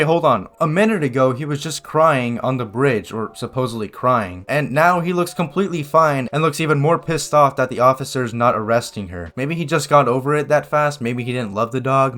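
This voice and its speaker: A man of middle pitch commenting on a clip in a sarcastic, rambling way. He keeps restarting his sentences as he goes. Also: a bit bright. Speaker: reaction video host. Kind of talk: reaction commentary.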